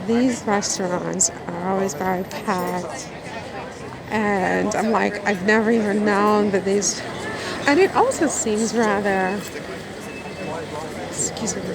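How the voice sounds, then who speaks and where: A woman's voice: mid-range voice, poor audio. A woman in her fifties, rambling in a casual vlog with lots of fillers and self-mocking asides, a little anxious as she walks. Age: 50s. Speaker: vlogger. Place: city street at night. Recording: outdoor street noise. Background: traffic and street noise.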